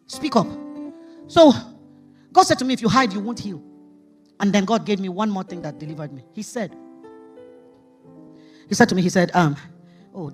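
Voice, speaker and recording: A woman preaching a sermon testimony, emphatic, jumping from loud outbursts to hushed asides. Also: mid-range voice.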